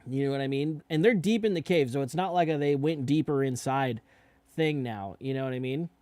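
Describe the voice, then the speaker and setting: A man's voice: mid-range voice, fairly quick, darkish tone, no room sound. A young man talking casually as he reacts to a musical, swearing now and then and often asking "you know what I mean?". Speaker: reaction video host.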